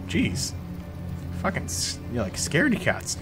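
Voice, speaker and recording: A young man streaming a game, chatting excitedly, yelling at characters and swearing when things go wrong. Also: on the low side, moderate pace, over music. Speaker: gaming streamer. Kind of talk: live gameplay commentary.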